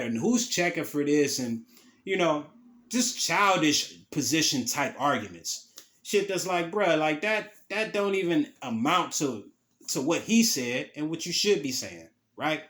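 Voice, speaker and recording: A man's voice: medium pitch, fairly bright tone. A man hosting a podcast, recapping an event in a loose, casual, profane storytelling way. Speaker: podcast host.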